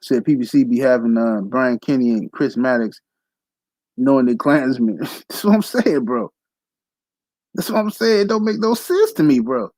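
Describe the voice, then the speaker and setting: A man hosting a casual boxing livestream, ranting fast and animated with heavy profanity and slang. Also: medium pitch, creaky, dry recording, rough recording. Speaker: boxing talk show host.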